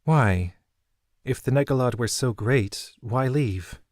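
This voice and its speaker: A man voicing a grieving, guarded young woman who speaks quietly and tersely. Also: mid-range voice, slow, no room sound, studio quality, voice pushed up, lightly acted.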